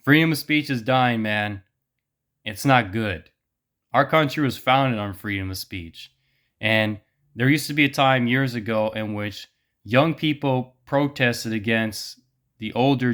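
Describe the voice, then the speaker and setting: A man's voice: on the low side, fairly bright tone, clean tone. A man giving a blunt opinion monologue as a vlogger, ranting with frequent swearing.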